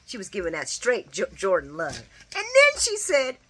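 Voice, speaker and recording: Animated woman with a lively, bright voice. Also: mid-range voice, moderate pace. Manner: animated, opinionated, laughs often, cursing. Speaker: soap opera recap vlogger. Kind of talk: casual spoken recap.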